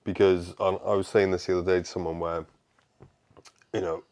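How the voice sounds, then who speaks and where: Welsh male guest, very low voice, relaxed conversational tone. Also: brisk. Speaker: podcast guest. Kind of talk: casual podcast chat.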